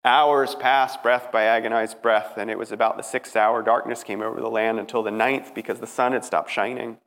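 A man preaching a dramatic sermon, emphatic, moving from hushed passages to rising ones. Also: on the low side, steady tone, moderate pace. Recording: preaching in a reverberant hall.

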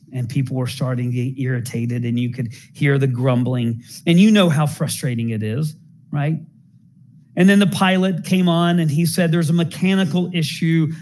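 A man preaches a sermon in a fairly high voice. He tells stories as he goes and asks the congregation rhetorical questions. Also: a little mellow. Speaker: pastor.

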